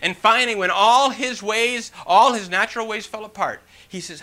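Bright-voiced male preacher. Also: high-pitched, normal speed, few pauses. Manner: reads scripture, then preaches with animated emphasis and rhetorical questions; folksy asides, frequent "you know". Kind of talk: sermon with scripture reading.

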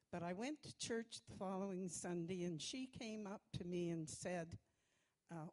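A woman in a church congregation telling her own story of faith. She speaks slowly and earnestly, in a somewhat low voice for a woman. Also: fairly even intonation, darkish tone, low-quality recording. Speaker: church member giving testimony. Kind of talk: personal testimony.

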